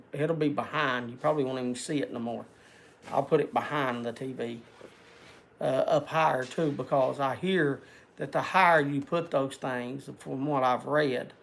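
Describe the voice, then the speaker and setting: A man's voice: fairly high pitch, gravelly. An older man hosting a livestream, chatting with viewers in a rambling, folksy, self-deprecating way. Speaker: livestream host. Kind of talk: casual chat to viewers.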